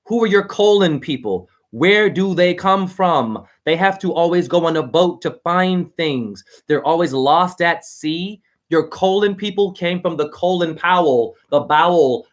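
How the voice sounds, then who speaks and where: A man's voice: a little high, a bit bright. A man giving a rambling, profane, preachy livestream monologue while reading out viewer comments.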